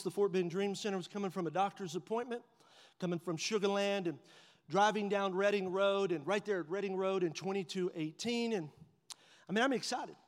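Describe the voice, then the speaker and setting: A man preaching in a church sanctuary, his fairly high voice carrying a long reverb from the big hall. He tells a funny story with animated energy and drops to a hush whenever he voices his own thoughts. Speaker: pastor. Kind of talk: sermon with humorous storytelling.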